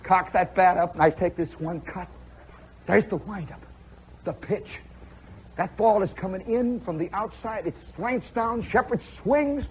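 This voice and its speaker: A man's voice: sits high, unhurried, a little hiss or hum. A middle-aged man hosting a live radio show, telling a story animatedly to an audience and mimicking play-by-play. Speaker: radio host. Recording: dull 1960s radio broadcast recording.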